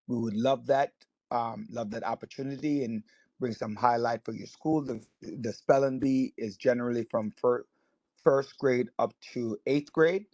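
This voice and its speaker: A man's voice: mid-range voice, darkish tone, no room sound, muffled recording. A man chairing a community board, talking casually on a video call, hesitant with many fillers and good-humored. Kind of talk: casual meeting remarks. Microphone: video call mic.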